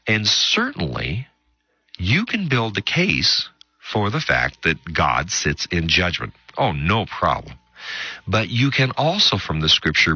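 A man hosting a radio Bible teaching show, speaking emphatically with long dramatic pauses and quick asides. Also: lowish voice, sharp tone, slightly rough, dry recording, lo-fi sound.

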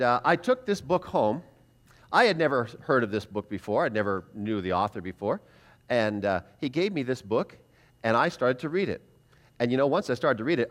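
A middle-aged man preaching at a prophecy seminar, telling his conversion story in an animated way and acting out his past thoughts. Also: medium pitch. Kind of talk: personal testimony sermon.

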